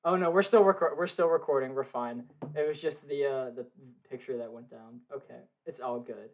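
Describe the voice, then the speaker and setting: A young man chatting casually on a podcast from his home basement, excitable, swearing a lot and laughing often. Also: medium pitch, fairly quick. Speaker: podcast co-host. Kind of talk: casual film review chat.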